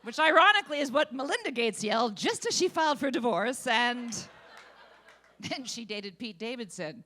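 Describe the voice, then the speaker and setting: A woman doing stand-up in a comedy club, with a high voice that cuts through. Her delivery is brash and bawdy, with a teasing edge aimed at the crowd. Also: lively intonation, moderate pace, bright, forceful tone.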